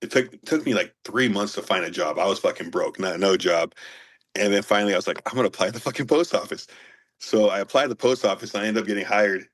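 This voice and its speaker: A man with a fairly low voice tells profane, animated stories about his service days. He talks casually as a podcast guest. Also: fast talker. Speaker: guest, former Marine. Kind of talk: casual storytelling.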